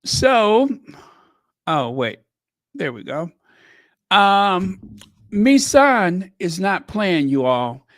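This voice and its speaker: Slow unhurried stream host, reads out viewer names, dry close sound. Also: medium pitch, sing-song, dry recording. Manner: chatty, greets viewers by name. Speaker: livestream host. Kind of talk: casual livestream chat.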